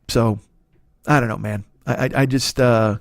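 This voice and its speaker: A man's voice: medium pitch, fairly even intonation, vocal fry, no room sound, studio quality. A middle-aged man telling a story in a casual, rambling monologue, swearing often and restarting his sentences. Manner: rambling, profane, halting restarts. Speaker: podcast host.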